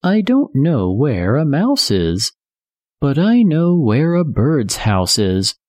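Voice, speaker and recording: A reader voicing a friendly, helpful rabbit in a slow storybook reading with a raised, chatty voice. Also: medium pitch, wildly swooping pitch, darkish tone, dry recording, studio quality, voice pushed up, heavily acted.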